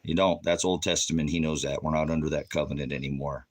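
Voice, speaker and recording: Low-voiced ranch preacher guy rambling on, baby-talking his dogs, sometimes near whispering. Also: fairly even intonation, fast talker, poor audio. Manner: rambling, talks fondly to his dogs, drops to hushed murmurs. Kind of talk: rambling home vlog.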